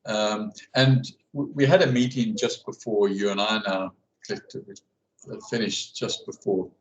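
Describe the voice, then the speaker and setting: Halting man with a low voice. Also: a little hiss or hum, poor audio. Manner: halting, with many fillers and restarts. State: hiccuping. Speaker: class guide and researcher. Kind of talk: casual conversation.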